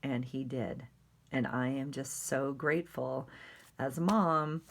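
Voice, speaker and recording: A middle-aged woman with a low-pitched voice talks through her journal pages. Her chatty, rambling delivery is full of fillers. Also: fairly even intonation, slow, vocal fry, slight background noise. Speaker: journaling vlogger.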